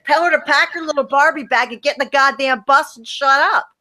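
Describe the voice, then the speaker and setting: A woman's voice: high-pitched, brisk, pushed and bright. A woman co-hosting a casual gossip chat, blunt and exasperated, swearing freely as she recaps a reality show. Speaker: podcast co-host, former wrestler.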